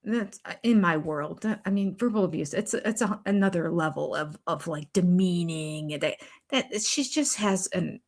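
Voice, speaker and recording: A woman's voice: fairly low pitch, normal speed. An older woman hosting a reaction channel, giving chatty, opinionated commentary that wanders into rambling asides.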